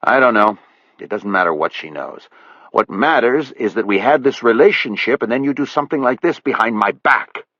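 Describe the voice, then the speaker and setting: A man's voice: medium pitch, lively intonation, moderate pace, pushed and bright, breathy edge, dry recording, highs cut off, voice pushed up, full character voice. A male narrator playing a retired investigator who speaks bluntly and angrily to a partner who betrayed him. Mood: angry. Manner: blunt, cold, angry.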